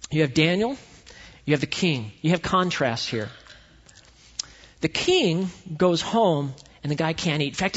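A male pastor preaching a sermon in a church, telling the story with animated swings between loud and quiet delivery. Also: a little high. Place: church sanctuary. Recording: echoey hall, dull lo-fi sound.

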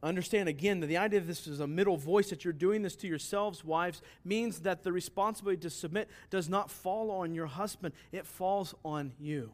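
A man's voice: sits high, brisk, few pauses. A man pastor preaching a sermon, earnest and emphatic, often asking rhetorical questions and answering them.

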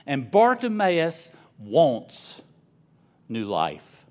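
A male pastor preaching a sermon, retelling the story with animated storytelling and repeated phrases. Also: on the low side, measured pace.

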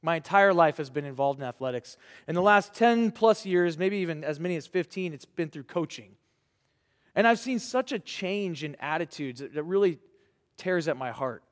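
A man preaching a sermon to young people, earnest and rhetorical, with dramatic pauses. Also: on the high side, animated. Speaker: pastor. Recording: reverberant hall.

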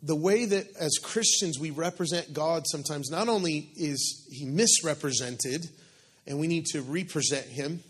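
Male pastor with a slightly high voice, conversational sermon delivery, funny and animated. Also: moderate pace, slightly rough. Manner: animated, joking, conversational preaching.

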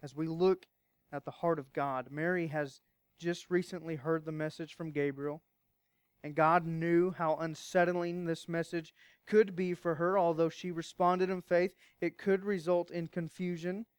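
A man pastor preaching a sermon, emphatic at times and hushed at others, asking rhetorical questions. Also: on the high side, fairly even intonation, measured pace, clean tone, no room sound.

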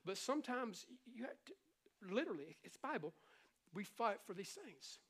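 A middle-aged man preaching a sermon as pastor, animated and conversational, slipping into playful impressions. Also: high voice, normal speed, slightly rough.

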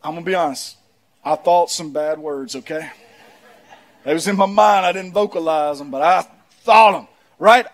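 A male pastor preaching a sermon in a church, telling humorous stories, leading the congregation in call-and-response and rising to shouts. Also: high voice. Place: church auditorium.

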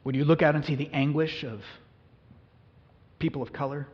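A man preaching a sermon as a pastor, earnest and emphatic, his voice rising suddenly to loud peaks. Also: fairly high pitch, steady tone, moderate pace. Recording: muffled, reverberant hall recording.

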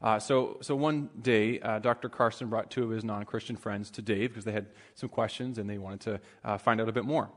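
A man's voice: lowish voice, steady tone, fairly quick, few pauses, big-room sound. A man preaching a sermon and telling a story in a conversational way, with frequent fillers and restarts.

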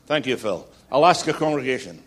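A man preaching as a guest speaker, building to loud repeated declarations and slipping in jokey stories. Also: medium pitch, expressive, fairly quick. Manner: jokey storytelling asides. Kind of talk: sermon.

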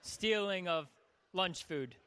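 A man's voice: high voice, slow pace, pushed and bright, clear, resonant tone. A young man preaching a sermon as a youth pastor, joking and acting out the people in his stories. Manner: joking, acts out voices. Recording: long hall reverb.

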